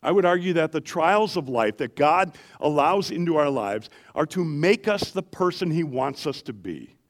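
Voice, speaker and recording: A middle-aged man preaching a sermon in a church, animated and asking the congregation questions as he goes. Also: on the high side, moderate pace. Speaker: pastor.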